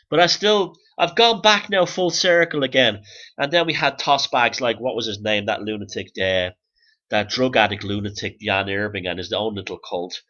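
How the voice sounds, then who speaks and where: A man rambling through a profane, low-key monologue as a podcast host. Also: sharp tone, muffled recording.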